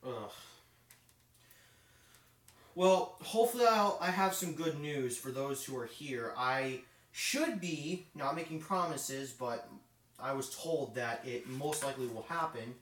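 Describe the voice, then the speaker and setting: A man's voice: medium pitch, expressive, slow, fairly bright tone. Rambling man streaming in an echoey room. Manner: rambling, filler-heavy, thinking aloud. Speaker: live streamer, fire alarm hobbyist. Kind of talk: casual live stream chat. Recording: roomy echo.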